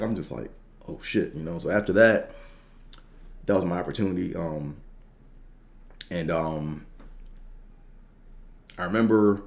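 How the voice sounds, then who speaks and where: A man's voice: low voice, normal speed, vocal fry, pauses often, darkish tone. A young man hosting a podcast, telling a long personal story in a laid-back, rambling way full of slang and fillers. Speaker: podcast host. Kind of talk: casual storytelling.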